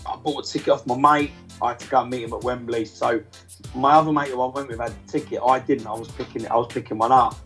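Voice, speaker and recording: A man's voice: medium pitch, fairly even intonation, quick pace, a bit bright, faint music behind, low-quality recording. A man, telling a football fan story casually and acting out his friends' lines. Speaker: celebrity football fan guest. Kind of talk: casual anecdote.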